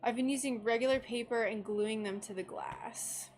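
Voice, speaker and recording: A woman's voice: fairly high pitch, steady tone, normal speed, darkish tone, faint music behind. A woman hosting a craft livestream, chatting casually and laughing often as she reads viewer comments. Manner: chatty and giggly, with frequent laughter. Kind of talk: casual chat while working, reading viewer comments. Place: home workshop in Florida.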